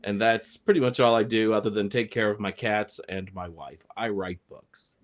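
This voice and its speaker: A man author introducing himself with wry, self-deprecating humor. His voice sits on the low side. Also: steady tone, moderate pace.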